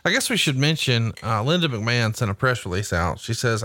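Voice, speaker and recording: A podcast host reading a statement aloud and asking follow-up questions. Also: male voice, medium pitch, sing-song, a little fast, few pauses, sharp tone, dry recording.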